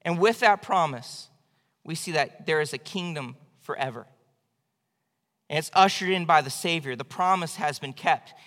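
Guy pastor preaching, high bright voice, chatty but emphatic, big echoey church hall. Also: normal speed. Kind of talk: evening church sermon. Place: church sanctuary. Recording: long hall reverb.

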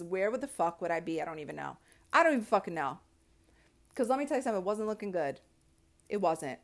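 Thirtysomething woman podcaster hyping you up, swearing nonstop, all worked up. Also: fairly high pitch. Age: 30s. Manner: fiery, swears constantly; gets worked up, shifting in her chair. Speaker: podcast host. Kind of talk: motivational monologue.

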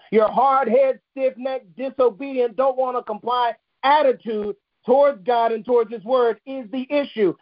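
High-voiced emphatic male preacher. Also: lo-fi sound. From United States. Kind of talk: sermon.

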